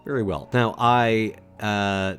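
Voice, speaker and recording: A man's voice: lowish voice, fairly even intonation, slow, fairly bright tone, faint music behind. A man playing a tabletop role-playing game, asking the game master questions and describing what his character does. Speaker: player.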